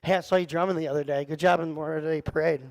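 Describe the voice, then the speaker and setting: High-voiced joking man in a youth room. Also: steady tone, racing, creaky, no echo, low-quality recording. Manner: joking, self-deprecating, talks to the kids in the room. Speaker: youth pastor. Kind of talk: casual youth group talk. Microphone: handheld or headset mic.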